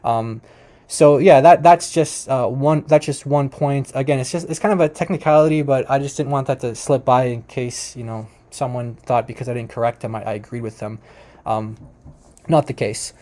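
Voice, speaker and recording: A man's voice: medium pitch, steady tone, normal speed, warm tone. A man hosting a commentary on a video, explaining and correcting points patiently at his computer. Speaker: host.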